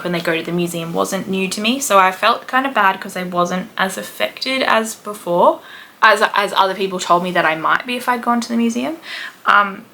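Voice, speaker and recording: A chatty Australian woman in her thirties rambles through a travel story, full of "like" and "um". Her voice is bright with a gravelly edge. A faint background hiss sits under the recording. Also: mid-range voice. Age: 30s. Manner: chatty and rambling, with many "like" and "um" fillers. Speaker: podcast host, history teacher. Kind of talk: casual chat, travel storytelling.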